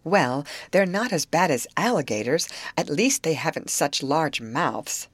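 A cheerful teenage girl answers her friends with quick, light replies, voiced by a woman reader. The voice sits low with lively inflection. Close and dry audiobook sound. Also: slightly rough, no room sound, exaggerated voice. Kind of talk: audiobook character reading.

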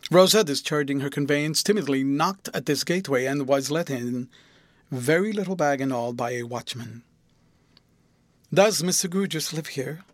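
A man with a mid-range voice narrates an audiobook, telling the story in a measured, expressive way. There's no room sound.

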